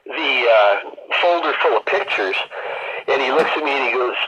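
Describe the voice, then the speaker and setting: Lively, bright-voiced man in his sixties. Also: medium pitch, moderate pace, breathy edge, dull audio. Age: 60s. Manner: animated, laughs often while telling stories. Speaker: podcast guest, rock photographer. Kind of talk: casual storytelling.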